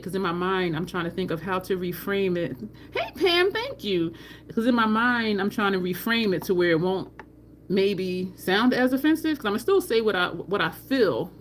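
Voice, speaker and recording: A woman's voice: mid-range voice, slight background noise. A middle-aged woman from New Jersey with a New Jersey accent, hosting a makeup livestream in a blunt, candid and profane casual chat. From New Jersey, USA. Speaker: makeup channel host.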